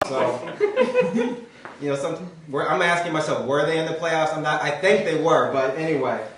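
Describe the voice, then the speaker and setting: An upbeat man hosts a casual cooking show, rambling cheerfully with plenty of "you know"s. His voice is slightly high, and it rings around a bright echoey kitchen from a distant mic, with faint room noise behind. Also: sing-song, normal speed. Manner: upbeat, chatty, lots of fillers. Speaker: host. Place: home kitchen with live audience.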